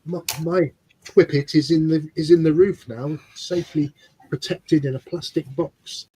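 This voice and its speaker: A man's voice: a little high, fairly even intonation, moderate pace, warm tone, slightly rough, dry recording, rough recording. A man co-hosting a casual model-building livestream, reading viewer comments and trading dry banter. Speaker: livestream co-host.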